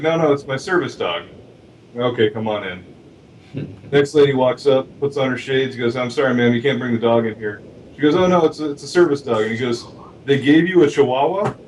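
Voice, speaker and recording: Tired male co-host, jokey and giggly, mid pitch, distant mic, faint hiss. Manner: playful, giggles at own jokes. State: tired from little sleep. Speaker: livestream co-host telling jokes. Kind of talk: casual joking chat.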